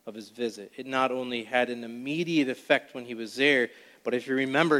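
A man with a somewhat high voice teaches through scripture in a church sanctuary, stressing key words with slow, deliberate emphasis. His voice carries a long reverb that rings through the big hall. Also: fairly bright tone. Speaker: pastor. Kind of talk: expository sermon.

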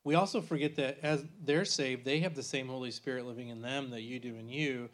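A man's voice: mid-range voice, steady tone, fairly quick. A man in his forties teaching a church bible class in a conversational way, with many restarts and frequent "right?" checks.

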